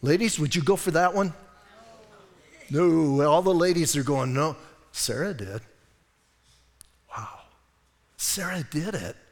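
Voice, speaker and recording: A man preaching a sermon as pastor, lively and acting out voices from the story. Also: on the high side, takes it slowly, pauses often, long reverb tail. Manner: animated, acts out voices of people in the story. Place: church hall.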